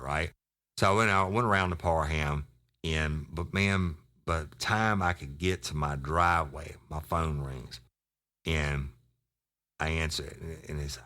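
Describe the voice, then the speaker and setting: A man with a very deep, low voice tells a crime story in a loose, meandering way. He swears freely and often starts his sentences over. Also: fairly even intonation, measured pace, bright, forceful tone. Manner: rambling, profane, with many restarts. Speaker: podcast host and retired detective. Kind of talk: casual storytelling.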